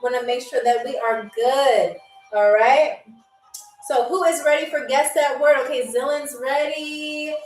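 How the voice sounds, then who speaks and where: A woman's voice: high-pitched, steady tone, unhurried. A woman hosting a live-streamed trivia game show, chatting to viewers and greeting them by name. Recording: roomy echo, distant mic, faint music. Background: faint music from a DJ.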